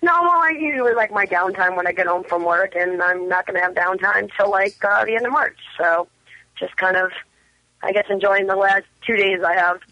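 A woman calling in to a talk show on the phone, quick-witted and laughing along with the hosts. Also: mid-range voice, bright, forceful tone, lo-fi sound. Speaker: caller. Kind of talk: phone-in chat.

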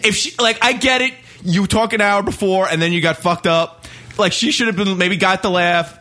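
A man's voice: sits high, normal speed, pushed and bright. A man hosting a casual radio talk show, blunt and profane, who acts out little scenes as he talks.

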